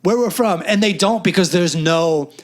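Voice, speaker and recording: Podcast co-host, male, slightly high voice, animated raconteur who acts out every quote. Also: moderate pace. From New York. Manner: animated storyteller, acts out quotes, swears freely. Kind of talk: casual chat.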